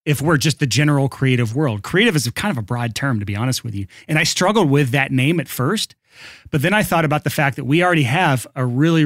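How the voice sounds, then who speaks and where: A man's voice: on the high side, a bit bright, no room sound, clean studio sound. A man co-hosting a podcast, reading an upbeat ad and then chatting casually and joking with his co-host. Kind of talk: casual podcast chat and read ad.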